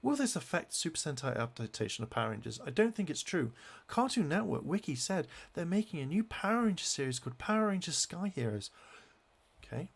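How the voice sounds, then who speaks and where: Gravelly man ranting angrily. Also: a little high, sing-song. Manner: heated, swears constantly, halting restarts. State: angry. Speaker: fan vlogger. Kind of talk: angry rant while browsing web pages.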